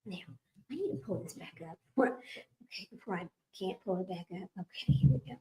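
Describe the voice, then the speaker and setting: A woman's voice: lowish voice, big pitch swings, a little fast, mellow, slight background noise, low-quality recording. A middle-aged woman hosting a casual trivia livestream, rambling and chatty, laughing often and talking straight to her viewers.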